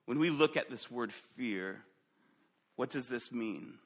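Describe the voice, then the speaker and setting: A man preaching a sermon who asks the congregation direct questions and moves between loud emphatic stretches and quiet ones. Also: medium pitch, expressive, slow. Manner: dynamic preaching, rising loud then dropping to quiet. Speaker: pastor.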